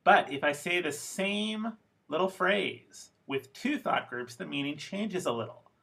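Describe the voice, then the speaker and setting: A man teaching an English pronunciation lesson, speaking slowly and carefully and repeating model phrases for his students. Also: a little high, animated, gravelly, fairly bright tone, breathy edge. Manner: slow, careful, demonstrative delivery with model phrases.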